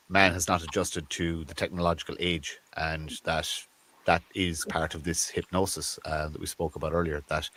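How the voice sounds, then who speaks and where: A man's voice: sits low, a bit bright. A man with an Irish accent, a guest in a podcast interview, talking in a reflective way and repeating words as he thinks. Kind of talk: conversational interview.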